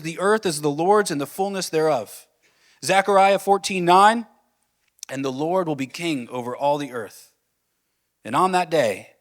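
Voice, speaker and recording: A man preaching a sermon as pastor, earnest, asking the listeners questions and dropping to a soft, low voice on key points. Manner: earnest, builds with rising questions then drops soft.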